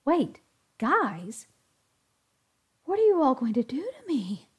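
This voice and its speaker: A woman's voice: fairly high pitch, expressive, a little slow, darkish tone, slightly rough, pitched above the performer's own voice. A woman reading a story aloud, voicing a nervous, reluctant young man who pleads and protests. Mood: pleading.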